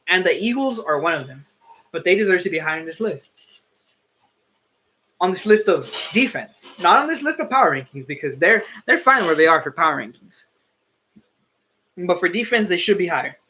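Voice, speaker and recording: A man's voice: high voice, sharp tone. A young man giving casual, opinionated sports commentary, often correcting and restarting himself.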